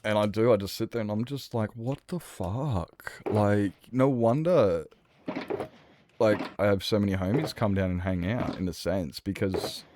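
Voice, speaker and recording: A man's voice: on the low side, moderate pace, noisy background. A young man streaming, talking candidly in a rambling, sweary, casual way. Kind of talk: casual livestream chat.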